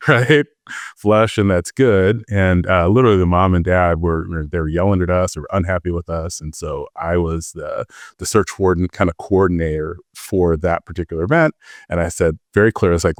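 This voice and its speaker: A man's voice: deep voice, fairly quick, no room sound, clean studio sound. A middle-aged man, a podcast guest, telling anecdotes from a long law-enforcement career in a self-assured way. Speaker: guest, former FBI agent. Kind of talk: casual storytelling.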